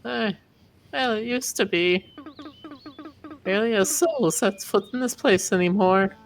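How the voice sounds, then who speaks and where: A woman voicing a kindly old woman who keeps the woods, reading game dialogue in a gentle, folksy way. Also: mid-range voice, a little slow, natural voice.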